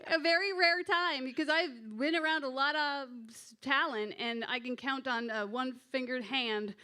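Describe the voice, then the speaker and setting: A woman hosts a live storytelling night with an effusive, high-pitched delivery. She speaks with a New Jersey accent, swears freely and acts out the lines she quotes. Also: normal speed, pushed and bright, clean tone. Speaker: host introducing a storyteller. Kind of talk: live stage introduction.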